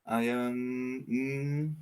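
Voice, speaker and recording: Man, English learner, very slow, hesitant, smooth voice. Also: medium pitch, fairly even intonation. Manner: slow and hesitant when reading. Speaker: student.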